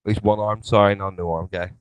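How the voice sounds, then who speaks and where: A man's voice: lowish voice, level tone, a little fast, clear, resonant tone, no room sound, rough recording. A man co-hosting a casual podcast, telling loose, sweary stories full of restarts. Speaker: podcast co-host. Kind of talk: casual chat.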